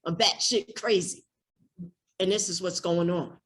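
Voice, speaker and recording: A woman's voice: fairly low pitch, fairly even intonation, a little slow. A woman giving an emotional personal share at a recovery workshop, raw and candid, cursing freely and repeating herself.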